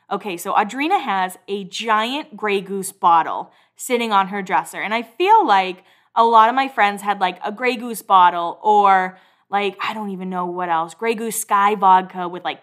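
A woman's voice: mid-range voice, fairly bright tone. A woman in her thirties, casually recapping a reality show as a podcast host, laughing often and swearing offhandedly.

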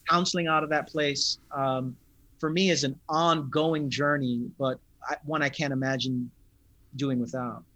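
A man, a pastor, talking in an interview in an earnest, thoughtful, unhurried way. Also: mid-range voice, steady tone, sharp tone, no echo. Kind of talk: reflective interview talk.

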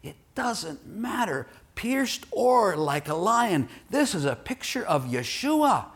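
A man's voice: high-pitched, big pitch swings, takes it slowly, a bit bright, slightly rough, pitched above the performer's own voice, exaggerated voice. A preacher doing a marveling Israeli man.

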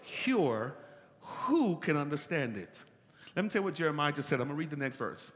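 A pastor preaching an animated call-and-response sermon that builds up to shouts. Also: male voice, on the high side, fairly quick, long reverb tail.

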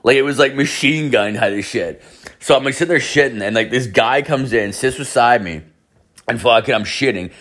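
A man's voice: mid-range voice, normal speed, a bit bright. A young man telling a crude, rambling story, full of swearing and "like". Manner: profane, rambling, heavy filler "like".

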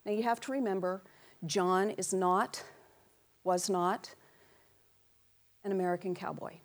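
Woman preaching in church, lively and playful, suddenly gets loud calling out to the room, acts out little voices. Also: medium pitch, a little slow. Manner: animated, calls out to the congregation in big loud bursts. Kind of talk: sermon.

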